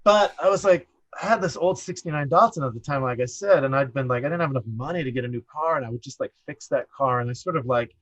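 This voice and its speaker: A middle-aged man telling a casual story as a podcast guest, rambling and animated, full of "like" fillers. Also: mid-range voice, fast talker, few pauses, lo-fi sound. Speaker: podcast guest, production designer.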